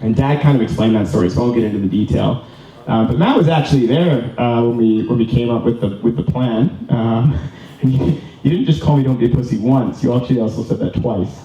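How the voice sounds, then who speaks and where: A man's voice: mid-range voice, a little fast, mellow. Man from Canada rambling a wedding speech. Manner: rambling and earnest, many ums and restarts. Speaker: groom. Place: wedding reception room. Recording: distant, roomy, slightly dull hall recording.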